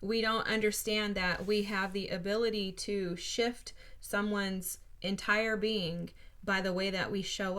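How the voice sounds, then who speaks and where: A woman's voice: mid-range voice, a bit bright. Earnest woman doing a tarot reading. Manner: earnest, encouraging, talks straight to viewers. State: briefly emotional. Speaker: tarot reader. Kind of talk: casual spiritual tarot reading.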